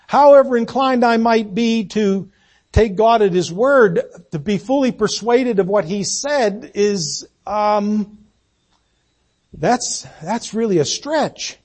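A man in his sixties, a pastor preaching a folksy, self-deprecating sermon with halting restarts. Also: high-pitched, animated, a little mellow. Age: 60s.

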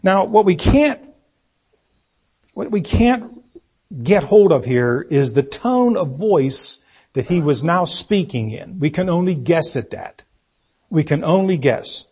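A man with a husky, somewhat high voice teaches a Bible class. He reads verses aloud and stops often to ask his listeners what they think the words mean. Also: big pitch swings, takes it slowly, a little mellow. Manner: questioning, asks the group for answers. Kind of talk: interactive Bible study teaching.

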